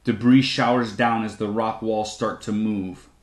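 A man reading an audiobook aloud in an expressive, animated manner. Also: on the low side, a little slow. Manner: animated, lively intonation. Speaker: audiobook narrator. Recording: roomy echo.

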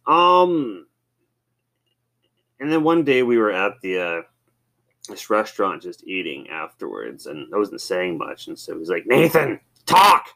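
A man's voice: sits low, animated, unhurried, vocal fry, pauses often, sharp tone. A man hosting a podcast, telling loose, rambling stories with swearing and many fillers. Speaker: podcast host. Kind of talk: casual storytelling monologue.

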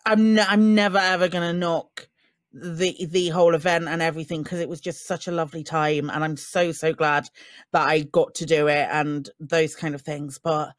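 Halting, sweary woman. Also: low-pitched, little pitch movement, no echo, clean studio sound. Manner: halting, many restarts, swearing, laughs often. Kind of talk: casual group chat.

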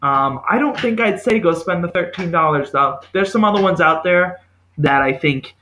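A man with a slightly high, bright voice co-hosts a casual movie podcast. He talks in an animated way and acts out his own reactions as he goes. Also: moderate pace, slight background noise, low-quality recording. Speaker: podcast co-host. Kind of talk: casual chat about movies. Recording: home podcast recording.

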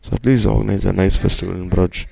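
Low gravelly man telling sacred stories. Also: steady tone, fast talker, mellow, no room sound, low-quality recording. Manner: loose, repetitive retelling with quoted dialogue. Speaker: devotional storyteller. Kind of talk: devotional story retelling.

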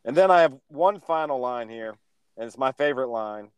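A man's voice: medium pitch, expressive, moderate pace, clean tone, dry recording. Podcast co-host, male, laid-back, dry delivery, runs the segment. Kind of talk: casual movie review chat.

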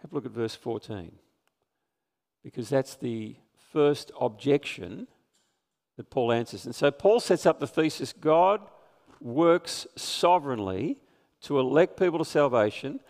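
A man's voice: a little high, darkish tone. Man preaching in a reverberant church. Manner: earnest, conversational, asks the congregation questions. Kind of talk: sermon. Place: church sanctuary. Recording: live church stream with long reverb.

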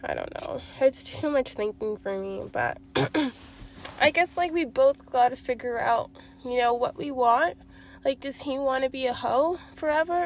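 High-voiced young woman, sad and rambling. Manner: emotional, rambling, frequent swearing. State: sad, near tears. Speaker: vlogger. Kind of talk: confessional vlog.

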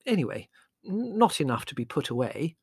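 A man voicing a vague, fussy middle-aged mother who is mild, flustered and gently reproving. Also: a little high, sing-song, brisk, husky, no echo, pitched above the performer's own voice, heavily acted.

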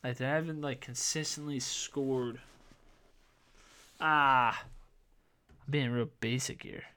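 A young man hosts his own sports podcast, talking loosely and rambling. He fills his talk with "like" and "um" and restarts his sentences often. His voice sounds slightly hoarse from talking. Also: mid-range voice, fairly even intonation, slow, pushed and bright. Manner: rambling, filler-heavy, self-correcting. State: voice going hoarse. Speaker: podcast host. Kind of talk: casual sports podcast chat.

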